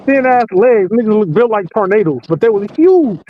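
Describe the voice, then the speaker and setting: A man's voice: sits high, fairly quick. A man in his forties, a podcast host, telling profane stories in a casual chat and laughing as he goes, recorded inside a parked vehicle. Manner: animated, profane, laughing storyteller. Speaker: podcast host working night security patrol. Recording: muffled lo-fi with faint hiss.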